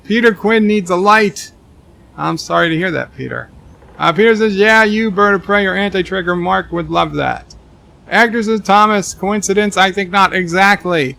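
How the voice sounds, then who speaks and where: A man streaming a game live, reading viewer comments aloud and answering them with deadpan jokes and rambling asides. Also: sits high, moderate pace, creaky. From Texas. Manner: rambling asides with many restarts. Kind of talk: live-stream chat reading while gaming.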